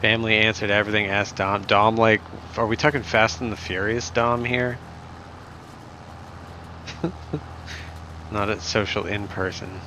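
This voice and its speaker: A man's voice: fairly low pitch, level tone, a little slow, long pauses, bright, forceful tone, slight background noise. A man streaming and chatting casually with viewers, rambling and joking, with lots of "I mean" and "you know". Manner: rambling and joking, heavy fillers.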